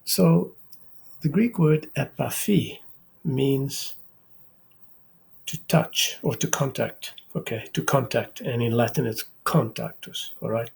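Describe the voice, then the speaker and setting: Male math channel host, unhurried lecture delivery, gravelly and somewhat husky voice, halting phrasing with frequent "okay?" checks. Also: mid-range voice, a little mellow. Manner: slow, halting, repeats words, says "okay?" often.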